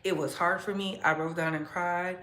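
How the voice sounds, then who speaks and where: Sassy woman host with a roomy echo. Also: moderate pace. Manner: sassy, laughs often, animated swings in pitch. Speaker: commentary channel host. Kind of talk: casual livestream commentary.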